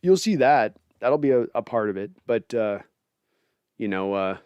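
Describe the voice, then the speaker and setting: A man's voice: lowish voice, lively intonation, moderate pace, darkish tone, clean tone, no echo, muffled recording. A man hosting a casual post-game reaction livestream, rambling and sardonic as he vents and thanks donors. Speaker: podcast host.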